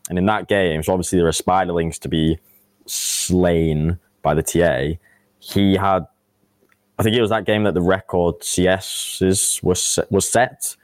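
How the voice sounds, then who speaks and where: Very deep British man, dry sound. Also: fairly even intonation, unhurried, no room sound. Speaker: podcast co-host. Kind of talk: casual esports chat.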